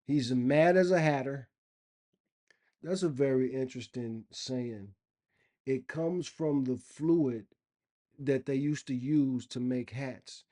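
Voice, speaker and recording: A man's voice: medium pitch, slow pace, mellow. A man vlogging in a rambling, opinionated casual monologue. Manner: rambling, opinionated, loose and conversational.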